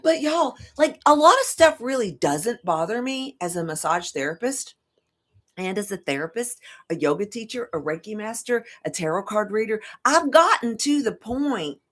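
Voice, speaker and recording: A woman's voice: fairly high pitch, very animated, normal speed, fairly bright tone. A middle-aged woman talking casually to camera as a tarot reader, rambling, laughing often and swearing freely. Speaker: tarot reader and life coach.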